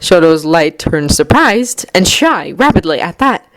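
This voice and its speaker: A woman narrating a fan fiction story aloud, with expressive delivery and clearly varied voices. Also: lowish voice, measured pace, no room sound. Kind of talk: fan fiction audiobook reading.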